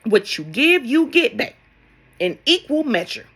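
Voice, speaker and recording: A woman's voice: fairly high pitch, big pitch swings, measured pace, fairly bright tone, slightly rough. A woman speaking as a spiritual love coach in a vlog monologue, blunt and sassy, swearing and firing rhetorical questions at her viewers.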